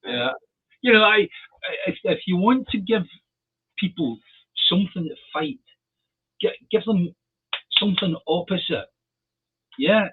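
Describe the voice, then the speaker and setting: A man co-hosting a casual political chat, speaking in a measured but defiant way with rambling asides. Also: sits high, expressive, a little hiss or hum. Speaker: co-host. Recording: phone-like narrow audio.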